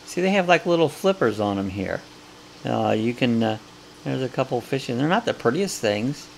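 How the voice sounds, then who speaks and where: A man's voice: medium pitch, expressive, normal speed, gravelly, slight background noise. A man hosting a casual live coffee chat, talking in a rambling, folksy way with lots of fillers and restarts.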